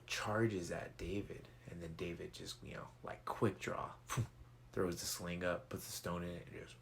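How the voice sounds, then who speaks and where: Casual male storyteller, slangy and relaxed, deep gravelly voice. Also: a little hiss or hum. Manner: laid-back and slangy, many fillers. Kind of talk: casual Bible story retelling.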